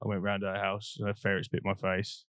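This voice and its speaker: A man's voice: on the low side, monotone, brisk, fairly bright tone, clear, resonant tone, dry recording, clean studio sound. A young man, co-hosting a podcast and telling a long, rambling story in casual chat, laughing often and swearing freely. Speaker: podcast co-host.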